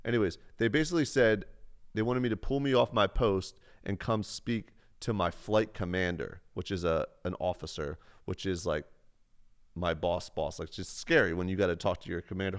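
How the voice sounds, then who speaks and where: A man's voice: low voice, normal speed. A man on a livestream telling a rambling, profane, self-mocking story from his past.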